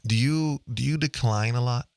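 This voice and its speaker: A man's voice: medium pitch, normal speed, vocal fry, darkish tone, clean tone, no room sound, clean studio sound. A man hosting a podcast in casual chat, talking loosely with a lot of "right?" checks and the odd swear word. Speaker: podcast host. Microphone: studio microphone, close.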